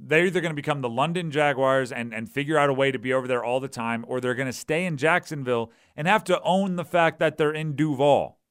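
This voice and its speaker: A man hosting a sports talk radio show, animated and acting out voices as he argues his points. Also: mid-range voice, fast, hardly any pauses, clean tone. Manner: animated, acts out quoted voices.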